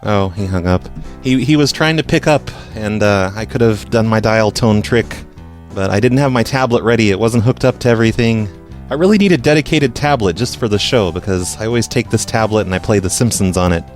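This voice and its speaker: A man's voice: on the low side, brisk, faint music behind. A man hosting a radio show, making prank phone calls and talking in a mock-innocent, apologetic way. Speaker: prank call radio host.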